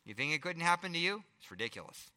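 Male pastor, middle-aged, sermon, very bright voice, rhetorical questions. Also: on the high side, big pitch swings, quick pace, big-room sound. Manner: dynamic preaching, rhetorical questions, swings from loud to hushed.

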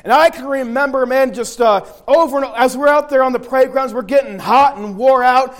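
A preacher with a noticeably high voice for a man delivers his sermon. He talks in a folksy, storytelling way, circling back to restart and repeat his phrases. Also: fairly quick, hardly any pauses. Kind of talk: sermon with personal army story.

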